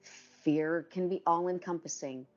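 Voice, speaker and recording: A woman's voice: lowish voice, measured pace, muffled recording. A woman in her fifties telling her own cancer story candidly, acting out what others said to her. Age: 50s. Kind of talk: personal testimony.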